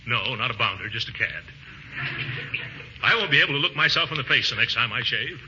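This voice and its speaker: An actor playing a pompous, easily flustered middle-aged uncle, blustering in 1940s radio comedy style, with sudden high whoops. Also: male voice, animated, a little fast, lightly acted. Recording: scratchy dull 1940s radio broadcast with faint hiss.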